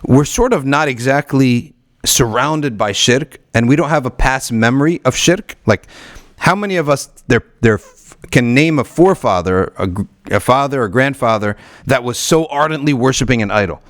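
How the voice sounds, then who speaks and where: A man leads a religious study circle at a middle, ordinary pitch, switching between rapid Arabic recitation and loose English explanation. He often stops and restarts words mid-thought. The sound is dry and close, with no room around it. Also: animated, dry recording. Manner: reads Arabic text quickly, then explains in English with frequent restarts. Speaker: imam teaching a weekly study circle. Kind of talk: conversational religious lesson.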